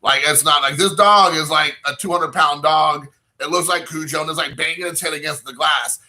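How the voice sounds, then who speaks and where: A young man spins a long personal story in a loose, rambling way, with "like" in nearly every sentence. His voice sits a touch high and rings very bright and sharp, and he slips into quoted dialogue as he goes. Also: fairly even intonation, moderate pace. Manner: rambling, heavy use of "like" fillers, quoting himself and others. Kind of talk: casual anecdote storytelling.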